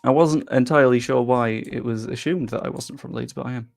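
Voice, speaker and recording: A young man with a faint Yorkshire accent chats loosely on a live stream, reading viewer comments aloud and poking fun at himself. His voice has a gravelly edge, sits at a middle pitch, and has faint music running underneath. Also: brisk. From England. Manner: chatty, self-deprecating, reads comments aloud. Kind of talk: casual live-stream chat.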